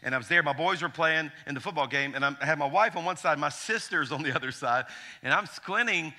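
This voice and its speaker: A man in his forties, a pastor preaching a sermon from Alabama, telling stories with humor and animated asides. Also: fairly high pitch, fast talker. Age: 40s.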